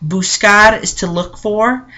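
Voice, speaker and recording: A woman teaching a language grammar lesson from a textbook. She talks patiently, corrects herself, repeats forms for clarity, and reads each word form slowly with clear stress. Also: medium pitch, sharp tone. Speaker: Spanish teacher. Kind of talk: classroom grammar lesson walking through a textbook.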